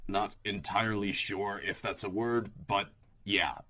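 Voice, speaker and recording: A man voicing a guarded young man, a former bodyguard who speaks in terse, measured lines. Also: on the low side, steady tone, sharp tone. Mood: earnest.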